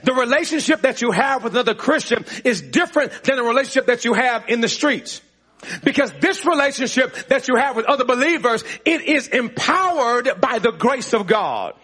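Preaching in a church sanctuary, a pastor calls out to his congregation in call-and-response and often laughs. His voice is very high and expressive, sharp in tone and slightly rough, at a normal speed.

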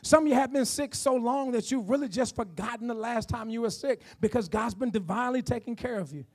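A man with a very high-pitched voice preaches to his congregation from a church pulpit. He is emphatic and repetitive, calling for responses from the people listening. He stretches out key phrases slowly. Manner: slows down to draw out key phrases. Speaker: pastor. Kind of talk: sermon. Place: church sanctuary.

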